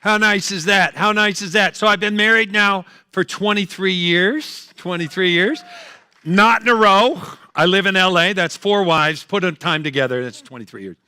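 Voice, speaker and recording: A middle-aged man doing loud, teasing stand-up and crowd work on stage at a fundraiser. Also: high-pitched, normal speed, hardly any pauses, clear, resonant tone. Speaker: comedian performing at a fundraiser. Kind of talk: stand-up comedy with audience banter. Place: event hall, live on stage.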